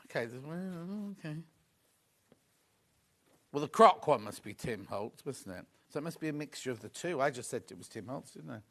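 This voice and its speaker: A man's voice: mid-range voice, expressive, normal speed. A man presenting a live home shopping show in a TV studio, chatting and gushing over the products.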